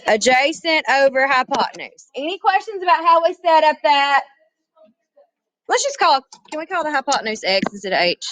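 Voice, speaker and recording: Casting: woman math teacher, somewhat high voice, chatty, quizzes the class. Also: very animated, normal speed, fairly bright tone, low-quality recording. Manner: chatty, asks the class questions, addresses students as y'all. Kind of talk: classroom lesson.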